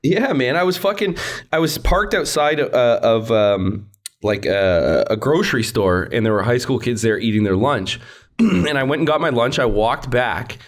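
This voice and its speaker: A man's voice: medium pitch, animated, moderate pace. A young man hosting a podcast, telling rambling, profane stories and laughing at himself in casual chat. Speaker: podcast host.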